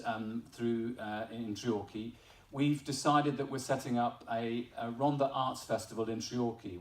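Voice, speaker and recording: A man's voice: medium pitch, far from the mic. A man who is a member of parliament gives a chatty, self-deprecating speech at an awards ceremony, with an English accent although he is from Wales. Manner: chatty, self-deprecating, laughing at his own story. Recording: echoey hall, voice picked up from afar.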